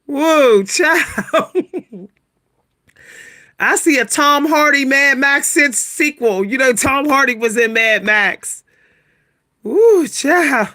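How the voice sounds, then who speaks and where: Woman livestreaming and reacting, high bright voice, talks slow, keeps going "what?" and laughing. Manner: animated, keeps exclaiming "what?" in a high squeal; laughs between remarks, talks to viewers as "y'all". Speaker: livestream host reacting to pictures. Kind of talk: casual livestream commentary.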